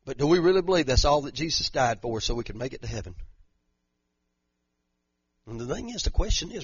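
A man's voice: medium pitch, very animated, a little fast, long pauses, slightly rough, no echo, highs cut off. A pastor preaching a fervent sermon, repeating his points and using casual slang. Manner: fervent, repetitive preaching with Southern-style slang.

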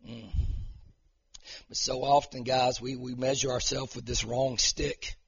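A man preaching a sermon as pastor, emotional and fervent, rising into loud prayer declarations. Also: mid-range voice, flat delivery, measured pace, slightly rough, lo-fi sound.

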